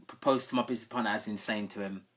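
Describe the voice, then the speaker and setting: With a lowish voice, a steady tone, and a fairly bright sound, this sound system host talks rapid-fire on his live stream. His long, casual story is dotted with questions asking listeners whether they follow.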